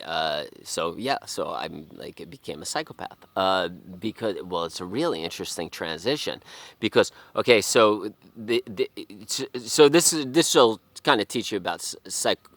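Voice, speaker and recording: A man with a very low voice and a forceful, tense edge talks in a loose, profane monologue. He rambles and restarts, and now and then drops to a hushed whisper. The sound is dry and close. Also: dry recording. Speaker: vlogger. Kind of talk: casual monologue.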